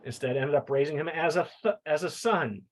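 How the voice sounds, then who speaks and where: Husky-voiced joking male co-host. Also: on the high side, lively intonation, a little fast, poor audio. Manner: joking, enthusiastic. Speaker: podcast co-host. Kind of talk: casual podcast chat.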